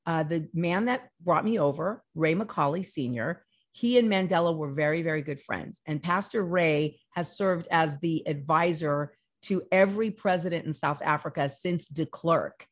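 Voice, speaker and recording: Woman pastor, slightly low voice, animated storyteller, casual talk. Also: a little slow. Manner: animated storyteller, many restarts and quoted dialogue. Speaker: pastor and podcast guest. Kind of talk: casual chat. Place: Los Angeles.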